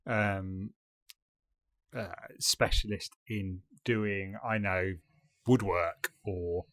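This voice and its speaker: Man, lowish voice, hesitant rambling chat, dry close sound. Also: steady tone, extremely slow, a bit bright, no echo. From United Kingdom. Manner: rambling, hesitant, filler-heavy. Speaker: podcast co-host. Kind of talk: casual chat.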